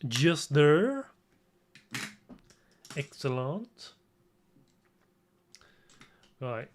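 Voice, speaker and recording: Slow, rambling male streamer. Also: a little high, very animated, a little hiss or hum. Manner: rambling and self-mocking, with repeated restarts. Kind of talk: casual livestream chat during a makeup tutorial.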